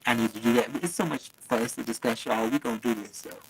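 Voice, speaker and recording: A gravelly, slightly rough mid-range voice comes through fast in a low-quality recording. The man is hosting a casual live stream and chats affectionately with viewers, laughing often, with his phone mic too close at the beginning.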